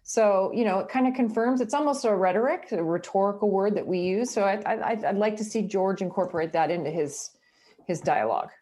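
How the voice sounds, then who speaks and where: A Canadian woman, a sports reporter, chatting in a casual interview, telling lively stories and laughing often. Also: medium pitch, brisk.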